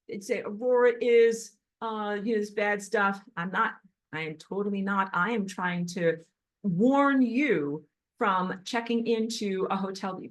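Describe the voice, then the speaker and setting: A woman's voice: lowish voice, a bit bright. A woman giving an impassioned spiritual lecture in a blunt, emphatic and agitated manner while walking on a treadmill. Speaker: spiritual teacher.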